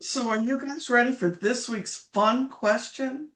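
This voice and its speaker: A woman hosts a casual chat with eager, upbeat energy. Her voice sits a little high. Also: unhurried. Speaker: host.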